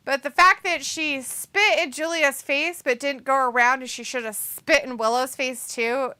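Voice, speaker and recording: A woman's voice: high-pitched, moderate pace, bright, forceful tone, no room sound. A woman co-hosting a wrestling watch-along, chatting casually, laughing often and reading chat comments aloud.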